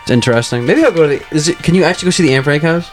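A young man co-hosting a podcast in casual chat, rambling with lots of fillers and crude deadpan jokes. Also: a little high, rapid-fire, soft background music. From United States. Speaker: podcast co-host.

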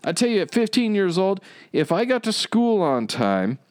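A man's voice: high-pitched, sing-song, normal speed, no echo, clean studio sound. A man hosting a podcast in crude, easygoing banter, laughing often and swearing casually. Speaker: podcast host.

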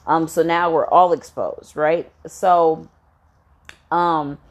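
A woman's voice: low voice, steady tone, takes it slowly. A woman telling a casual storytime rant about her landlord and rent, blunt and swearing freely, with lots of "you know" and "um". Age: adult with a daughter.

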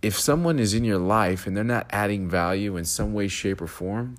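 A man hosting his own podcast, talking through his thoughts in a reflective solo monologue with a steady rhythm. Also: on the low side, normal speed. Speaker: podcast host.

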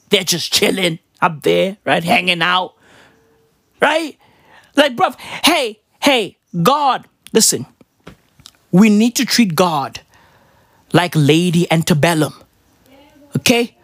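A woman delivering a profane comedic rant, firing off rapid rhetorical questions and swinging between low mutters and high squeals. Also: no echo, clean studio sound.

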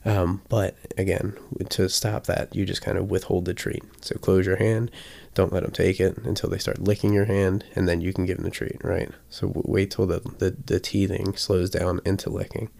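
Male dog trainer, deep and gravelly, easygoing teaching style with lively acted-out examples. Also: normal speed. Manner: chatty, often checks in with "right?"; acts out examples with sudden bursts. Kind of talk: casual teaching talk.

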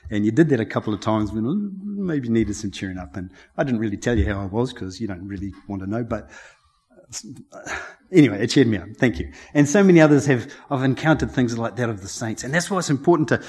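A man's voice: medium pitch, expressive, fast, darkish tone, husky. A middle-aged man speaks to his congregation before preaching. He talks in a chatty, heartfelt way, laughing often and getting emotional as he shares his testimony. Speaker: lay preacher. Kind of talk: personal testimony before a sermon.

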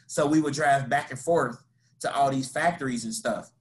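A young Kentucky man with a lilt tells a story for his podcast in loose, slangy chat. He is animated and laughs easily, and his voice leaps up high whenever he acts out what he said. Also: normal speed. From Kentucky, USA. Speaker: podcast co-host. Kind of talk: casual storytelling.

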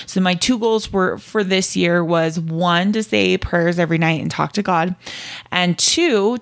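An upbeat young woman chats through a casual motivational monologue. Her pitch sits in a middling range. She slips into brief acted-out asides as her inner voice. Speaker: podcast host.

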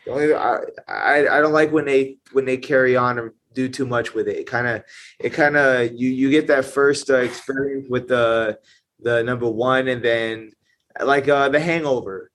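A man chatting as a podcast guest, enthusiastic and prone to halting restarts. His voice sits in a middle pitch. A faint noise runs under the recording. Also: steady tone, fairly bright tone. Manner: enthusiastic, halting restarts, laughs while talking. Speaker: Muay Thai gym owner and head coach, guest. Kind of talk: casual chat.

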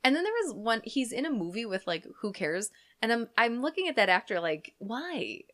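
A woman's voice: on the high side, sing-song, a little fast, a bit bright. A woman co-hosting a comedy podcast, trading dry, sarcastic quips. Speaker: podcast co-host. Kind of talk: casual comedic chat.

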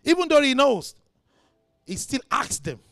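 A man preaching a sermon as pastor, impassioned, swinging between shouted lines and quiet ones. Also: extremely high pitch, sing-song, a little slow, gravelly, no room sound, clean studio sound.

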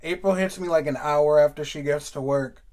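A man's voice: on the high side, normal speed. A young adult man co-hosting a casual podcast, telling stories with loose slang and swearing and acting out what people said. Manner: animated storyteller, loose slangy swearing, acts out quotes. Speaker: podcast co-host. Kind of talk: casual chat.

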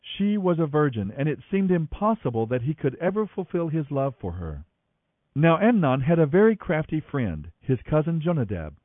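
Animated male Bible reader on tinny radio. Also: a little high, moderate pace, dry recording. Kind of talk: scripted Bible narration. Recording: tinny phone-like radio line.

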